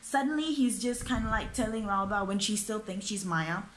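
A woman's voice: medium pitch, normal speed, fairly bright tone, a little hiss or hum. A young woman, ranting through a book review, exasperated and swearing, with lots of fillers. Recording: echoey room.

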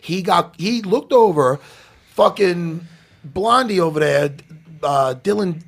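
High raspy guy on a podcast, super animated, swings from mumbling to yelling. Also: takes it slowly. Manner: animated, profane, swings between mumbling and shouting. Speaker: podcast co-host. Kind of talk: casual chat.

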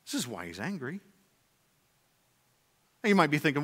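Male preacher, high and bright, dramatic sermon delivery full of rhetorical questions. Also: very animated, moderate pace, husky, in a large hall. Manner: dramatic preaching, swings between loud emphasis and hushed low delivery. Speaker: pastor. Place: church sanctuary.

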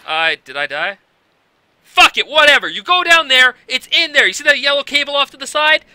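A man giving exasperated, profane commentary over his gameplay, ranting about hidden collectibles with loud outbursts. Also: extremely high pitch, lively intonation, a little fast, no echo.

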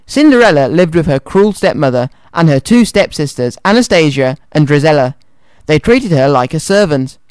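Male children's radio presenter, reading a storybook, cheerful, smooth clear voice, dry studio mic. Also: on the high side, dry recording. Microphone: studio microphone.

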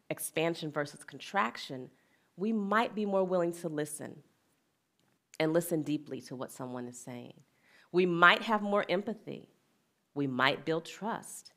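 A woman's voice: on the low side, fairly bright tone. A middle-aged woman speaking as a wellness and equity speaker, earnest and plain-spoken, sharing a personal story in a reflective talk and laughing easily.

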